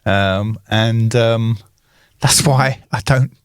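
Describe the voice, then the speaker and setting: A man's voice: mid-range voice, fairly even intonation, drawn-out words, clear, resonant tone, dry recording, clean studio sound. An English man hosting a comedy podcast, laid-back and wry in casual chat. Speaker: podcast host.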